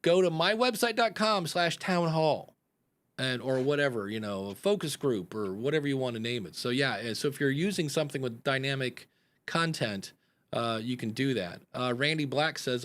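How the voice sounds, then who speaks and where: A man's voice: mid-range voice, lively intonation, normal speed, fairly bright tone. A man, a podcast coach hosting a live advice chat, rambling and acting out example announcements.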